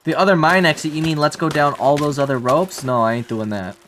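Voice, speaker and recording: A man's voice: a little high, fairly quick. Swearing American man streaming a game. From United States. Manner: chatty, swears, answers chat. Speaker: streamer playing a survival game. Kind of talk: livestream gameplay commentary. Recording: steady background noise.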